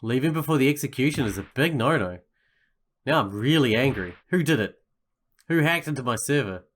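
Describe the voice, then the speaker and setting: A man voicing a cruel, mocking mechanical game master who runs a deadly school game, drawing his words out slowly. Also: mid-range voice, expressive, a bit bright. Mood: angry.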